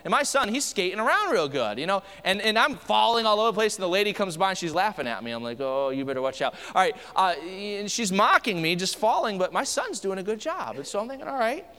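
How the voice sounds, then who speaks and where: Higher-voiced man preaching in a reverberant church. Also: big pitch swings, quick pace, few pauses, pushed and bright. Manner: conversational preaching with anecdotes and frequent restarts. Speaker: pastor. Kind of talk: sermon. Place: church sanctuary.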